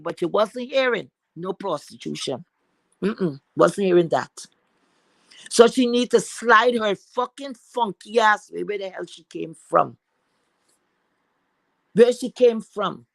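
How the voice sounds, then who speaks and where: A woman's voice: mid-range voice, gravelly, no room sound. A woman from Trinidad, ranting profanely and emphatically as a guest on a casual live chat. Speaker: livestream guest.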